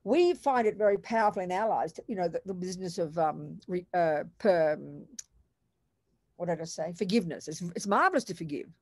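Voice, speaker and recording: A woman's voice: fairly low pitch, a little fast, dry recording. Older Australian woman, Buddhist nun, emphatic and blunt dharma teacher, dry close recording. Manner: animated, emphatic, blunt and colloquial. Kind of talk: dharma talk to a class.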